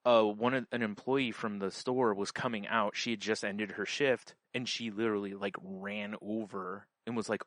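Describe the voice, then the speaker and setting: A man's voice: on the low side, fairly even intonation, normal speed, few pauses, a bit bright, dry recording. A man co-hosting a podcast, telling a story in casual chat, rambling with lots of fillers and restarts. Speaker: podcast co-host.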